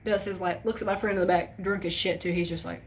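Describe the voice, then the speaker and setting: A young woman telling a story in a casual vlog, animated and profane, acting out quotes with shifts in voice. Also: lowish voice, quick pace. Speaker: storytime vlogger.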